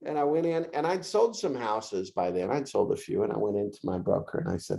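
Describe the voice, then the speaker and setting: A man's voice: lowish voice, expressive, fairly quick, gravelly, hardly any pauses, mellow. A man leading a real estate office meeting, folksy and reassuring, laughing often. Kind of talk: team meeting talk.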